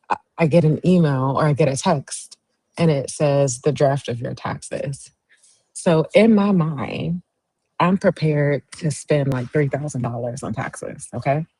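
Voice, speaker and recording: A woman's voice: low voice, dark tone, slightly rough, dry recording, rough recording. A woman hosting a casual livestream, telling a story in a chatty way and cheering on viewers as she reads their comments. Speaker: host.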